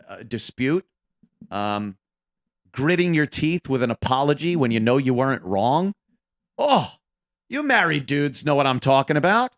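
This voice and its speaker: A fifties-aged radio co-host chats about his career in a loose monologue, peppered with profanity, tangents, and self-deprecating jokes. His pitch is fairly high and his tone fairly bright.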